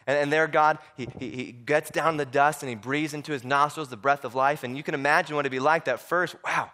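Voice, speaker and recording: Guy giving a sermon, kinda high voice, acts out the stories, stumbles and repeats words a lot. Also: fast talker. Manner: animated storytelling, acting out voices, repeating words. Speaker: preacher.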